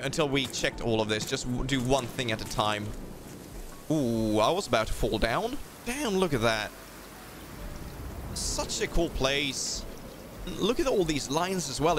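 Excitable, lively gaming host man. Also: on the high side, a little hiss or hum. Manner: chatty, playful, excitable exclamations. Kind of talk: let's play commentary.

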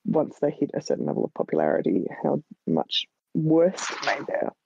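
A woman's voice: low-pitched, sing-song, moderate pace, vocal fry, a little mellow, husky, dry recording. An Australian woman, a guest writer, chatting casually in a rambling, hesitant way full of ums, on a dull lo-fi recording. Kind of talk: casual chat. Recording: dull lo-fi sound.

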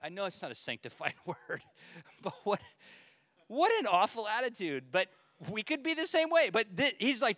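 A man's voice: high-pitched, big pitch swings, moderate pace, sharp tone, no echo. A man, a pastor, giving a casual, joking Bible teaching to a men's study group and reading scripture aloud.

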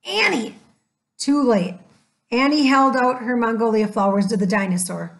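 A woman narrating a children's chapter book aloud in a gentle, measured way. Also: a little high. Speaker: storyteller. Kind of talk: scripted storybook narration.

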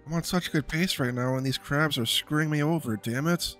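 A young man doing a casual voice-over commentary on his game progress, excitable and swearing when hyped. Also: a little high, a little fast, faint music behind. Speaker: gaming video creator.

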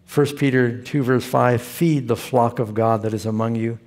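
A man's voice: mid-range voice, fairly even intonation, normal speed, darkish tone. A male pastor who preaches a sermon in a folksy, storytelling way.

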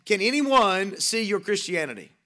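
High, bright-voiced preaching pastor. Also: male voice, very animated, moderate pace. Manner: emphatic preaching with rhetorical questions and repetition. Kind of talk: sermon. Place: church sanctuary.

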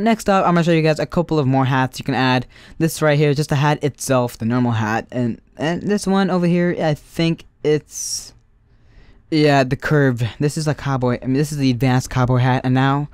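A man's voice: mid-range voice, fairly quick, a little mellow, clear, resonant tone, no room sound, studio quality. A young man telling a storytime and drawing a tutorial in a casual, joking, rambling way. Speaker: YouTuber.

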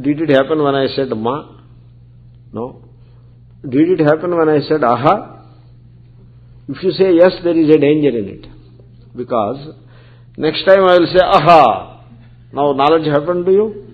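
A man teaches scripture in an easy, explanatory way, dropping in Sanskrit terms. His voice has a gravelly edge. The recording is narrow and tinny, like a phone line. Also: fairly high pitch. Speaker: Vedanta teacher, swami. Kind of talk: scripture lecture.

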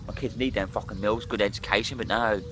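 A man's voice: on the low side, steady tone, quick pace, a bit bright, slight background noise. Hungover man ranting sharply. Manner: swearing, blunt, rambling. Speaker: drinking vlogger. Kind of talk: ranting vlog monologue.

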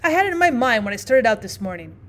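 A woman's voice: a little high, very animated, fast, a bit bright. A woman voicing a feeble, tearful old man who pipes and quavers in a thin voice as he chats on. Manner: piping, quavering.

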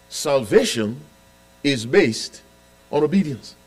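A man preaching a sermon as pastor, quizzing the congregation and repeating key lines, with loud emphatic declarations and quiet asides. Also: fairly high pitch, big pitch swings, a little slow.

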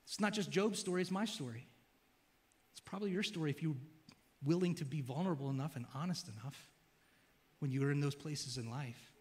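A man's voice: fairly high pitch, fairly quick, long pauses, darkish tone. A man preaching a sermon as pastor, casual and joking, talking like a friend.

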